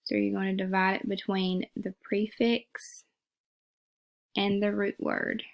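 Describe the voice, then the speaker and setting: A woman's voice: mid-range voice, level tone, slow, gravelly, a little hiss or hum. A woman teacher giving a phonics lesson, patiently repeating words and sounding them out syllable by syllable.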